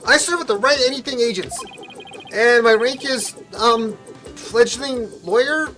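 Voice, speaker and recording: A woman's voice: fairly high pitch, a little slow, fairly bright tone, soft background music. A woman voicing a hesitant young male lawyer in a fan voice-over of a game, stammering and unsure. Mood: awkward.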